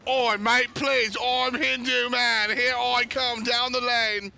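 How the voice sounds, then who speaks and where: A man's voice: extremely high pitch, little pitch movement, slow, gravelly, pushed and bright, voice pushed up, full character voice. A man doing a jokey impression of a cheery English bloke, drawling his words over game music. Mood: mock-cheery.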